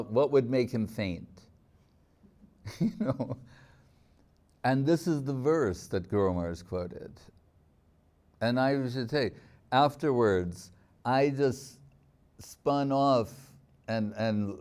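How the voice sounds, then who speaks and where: Mellow-voiced man giving a devotional talk. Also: on the low side. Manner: reflective storytelling, slowing on key words, chuckling. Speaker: spiritual teacher.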